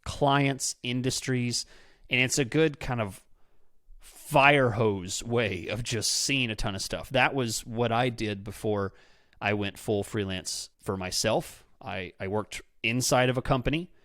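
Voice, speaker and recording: Male podcast host, casual and upbeat, mid-pitched voice, dry close recording. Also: unhurried, a bit bright, no room sound. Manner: chatty, enthusiastic, self-deprecating. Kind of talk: casual podcast talk with ad read. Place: his office.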